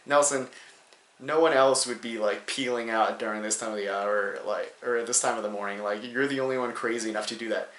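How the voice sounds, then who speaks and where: A young man voicing a scolding middle-aged suburban mother in a softer, quieter tone. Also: mid-range voice, fairly even intonation, a little fast, voice pushed down, natural voice. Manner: scolding, exasperated. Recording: roomy echo.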